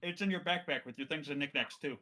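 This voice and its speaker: A man's voice: fairly high pitch, fast, pushed and bright. A man chatting as a player in a tabletop game, teasing the others with wry sarcasm. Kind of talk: casual chat.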